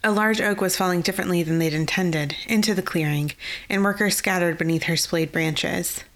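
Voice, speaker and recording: A woman narrating a fantasy novel in a measured, even storytelling way. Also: fairly low pitch. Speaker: audiobook narrator.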